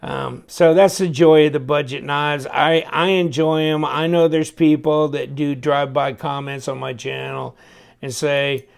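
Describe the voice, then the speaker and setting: A man's voice: on the high side, steady tone, a little slow. A man chatting casually as he takes a knife apart, folksy and thinking aloud while he tinkers. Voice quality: gravelly. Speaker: knife reviewer. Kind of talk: casual hands-on review.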